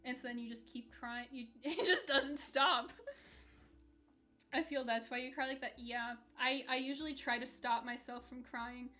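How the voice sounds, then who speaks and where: A woman's voice: on the high side, little pitch movement, brisk, few pauses, bright, forceful tone, soft background music. A young woman streaming and chatting candidly with her live chat, rambling with restarts and light laughs. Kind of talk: casual chat reading live chat while gaming.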